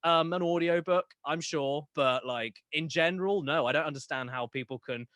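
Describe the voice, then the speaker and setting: A young man with a Southern English accent, a video game YouTuber chatting as a podcast guest, rambling and animated, swearing casually. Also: on the high side, moderate pace, no echo, clean studio sound. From England.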